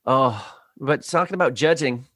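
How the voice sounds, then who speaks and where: A podcast co-host chatting in an animated, teasing way, often laughing. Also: mid-range voice, moderate pace, no echo, studio quality. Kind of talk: casual chat.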